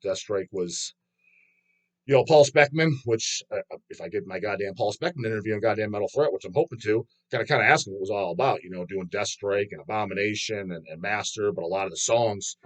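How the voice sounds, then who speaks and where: A man's voice: on the low side, fast. A man hosting a metal music channel in a casual rant, swearing constantly. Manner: profane, ranting, swears constantly.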